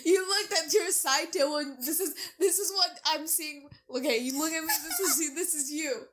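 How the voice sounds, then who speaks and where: Bright high-voiced woman podcast co-host. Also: moderate pace. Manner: swears a lot, laughs loudly, animated storytelling. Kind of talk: casual chat.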